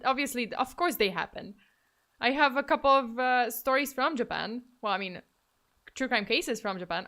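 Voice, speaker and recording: Woman streamer, bright forceful voice, a bit high, playful, mock-dramatic, laughs a lot. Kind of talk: casual livestream chat.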